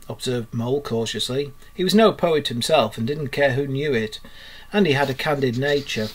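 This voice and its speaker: A male primary school teacher reading a children's storybook aloud to his class in a steady, clear storytelling manner. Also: mid-range voice, moderate pace.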